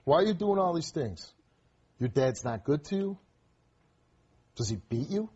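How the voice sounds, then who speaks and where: A man's voice: fairly high pitch, big pitch swings, unhurried, warm tone, husky, lo-fi sound. A man hosting a confrontational talk show on a TV studio stage, scolding and commanding a teenage guest.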